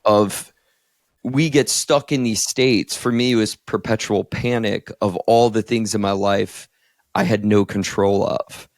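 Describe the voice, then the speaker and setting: A man in his thirties from Northeast Ohio talks candidly on his podcast, full of "like"s. His voice sits low with a gravelly edge. The sound is close and dry, with no room in it. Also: steady tone, unhurried, no room sound. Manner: candid, heavy use of "like", emotional storytelling. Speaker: podcast co-host, therapist. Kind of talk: casual podcast conversation.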